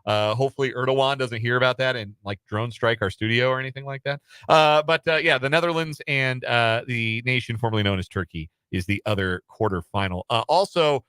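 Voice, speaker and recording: Bright-voiced rambling sports radio host. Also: male voice, mid-range voice, a little fast, hardly any pauses, clean tone, no room sound. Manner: rambling, self-deprecating, many fillers. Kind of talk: casual sports talk radio. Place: radio studio. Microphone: studio microphone.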